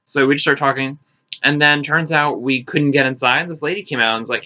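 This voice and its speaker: A young man telling a story in casual vlog style, animated and sarcastic, swearing freely and jumping into high mocking voices for quotes. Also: fast talker. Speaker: vlogger. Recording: slightly dull lo-fi audio.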